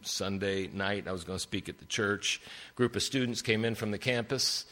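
An older man preaching a sermon, telling stories with big swings in pitch for emphasis. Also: normal speed, bright, forceful tone.

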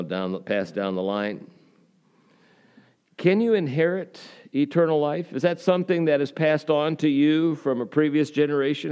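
A man's voice: mid-range voice, darkish tone, clear, resonant tone, highs cut off. A man preaching a sermon in a church, conversational and folksy, with rhetorical questions and frequent fillers. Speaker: pastor.

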